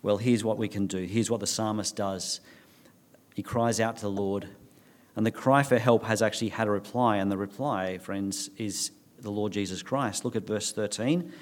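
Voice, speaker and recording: A man's voice: lowish voice, fairly even intonation, moderate pace. Earnest male pastor preaching. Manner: earnest preaching with restarts, reading scripture aloud. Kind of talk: sermon.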